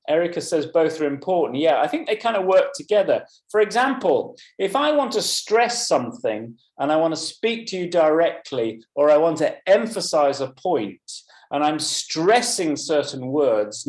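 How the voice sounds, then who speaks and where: A man presenting a live webinar for English teachers, explaining points in a measured way and picking up comments from the chat. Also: on the high side. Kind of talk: live teaching webinar, talking through slides. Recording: roomy echo.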